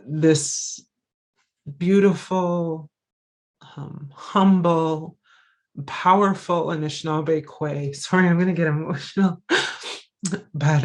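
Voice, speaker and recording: Slow, halting, earnest woman lecturing. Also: low voice. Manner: reflective, halting, with frequent pauses and restarts; earnest, heartfelt. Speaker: visiting scholar giving a lecture. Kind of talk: lecture with personal storytelling.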